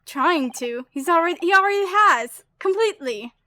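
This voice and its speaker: A woman's voice: very high-pitched, expressive, moderate pace, bright, forceful tone, slight background noise. A woman streamer giving casual, giggly and exclamatory commentary while playing a game.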